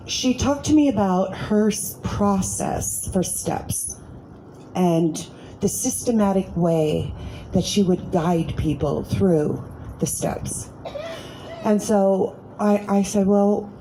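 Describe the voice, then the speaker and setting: A woman's voice: medium pitch, warm tone, a little hiss or hum, poor audio. A woman in her sixties giving a humorous, candid talk about her recovery to a convention audience. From Arizona. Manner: candid, humorous storytelling with laughs. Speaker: recovery speaker. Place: convention meeting room.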